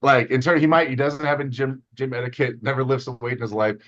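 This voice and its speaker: A man talks quickly and at length in a loose, rambling chat, jumping into sarcastic jokes. His voice sits at a middle pitch. The sound is dull and lo-fi. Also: fairly even intonation, fairly bright tone. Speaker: host, armwrestling team member. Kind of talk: casual chat.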